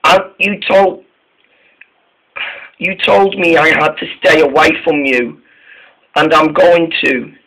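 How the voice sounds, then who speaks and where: A man's voice: a little high, steady tone, takes it slowly, pauses often, bright, forceful tone, exaggerated voice, poor audio. A man voicing a scared, shy female engine, speaking hesitantly with stumbles and restarts. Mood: timid.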